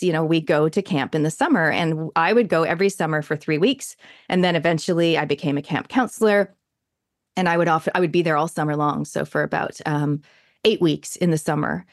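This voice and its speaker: Recorded at studio quality with no room sound, an interview guest speaks in a voice that sits low. She's a Canadian woman in her thirties, chatty and enthusiastic, using lots of fillers in casual conversation.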